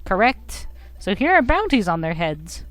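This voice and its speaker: A woman's voice: medium pitch, big pitch swings, measured pace, fairly bright tone, no room sound, rough recording. A woman doing a bossy bird guild officer. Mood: lecturing. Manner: officious, lecturing.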